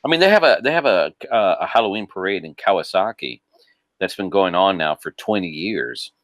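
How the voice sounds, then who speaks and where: A man in casual podcast chat, animated, laughing often and restarting his sentences. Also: deep voice, fairly quick, no echo. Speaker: podcast guest.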